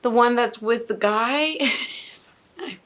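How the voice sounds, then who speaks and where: A woman with a fairly high voice reacts live to an anime, firing off stunned questions and exclamations. She speaks slowly and swears freely as she hosts her reaction. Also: a bit bright.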